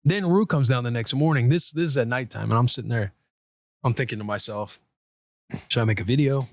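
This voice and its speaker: Animated dad telling a home story. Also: male voice, brisk, no echo. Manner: animated, acts out quotes in higher voices. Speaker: podcast co-host. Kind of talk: casual storytelling chat.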